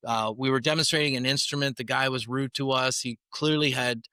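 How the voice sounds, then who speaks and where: A man's voice: medium pitch, steady tone, a little fast, bright, forceful tone, smooth, no room sound, clean studio sound. A middle-aged man, a sales coach being interviewed, telling stories in a rambling way with many restarts and "right?" tags. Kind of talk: storytelling interview answers.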